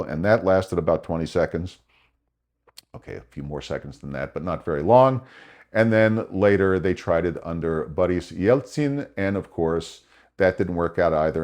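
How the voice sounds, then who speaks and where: A man's voice: deep voice, darkish tone. An older American man hosting his own small podcast, talking in a chatty, wry monologue and correcting himself as he goes. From United States. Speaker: podcast host. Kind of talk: casual commentary monologue. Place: home setting in Phoenix.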